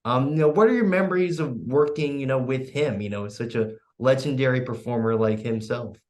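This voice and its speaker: A man's voice: medium pitch, a little fast, darkish tone. Stammering young male radio host. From United States. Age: young adult. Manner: stammering, restarts, lots of "you know". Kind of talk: casual interview.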